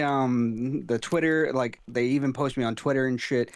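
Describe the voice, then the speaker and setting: A man's voice: medium pitch, moderate pace, a loud crowd. A man co-hosting a casual podcast, laid-back and profane, chiming in with rowdy reactions.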